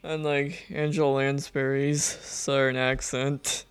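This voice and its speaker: Co-host type: woman, slow and hesitant, smooth lower voice, faint music. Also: little pitch movement. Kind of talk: casual chat.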